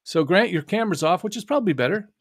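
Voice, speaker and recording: A man's voice: high-pitched, lively intonation, quick pace, dry recording, clean studio sound. Chatty American man hosting a livestream. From United States. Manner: loose, chatty, with many fillers and laughs. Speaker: host of an online book launch. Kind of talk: casual livestream chat. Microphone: video call.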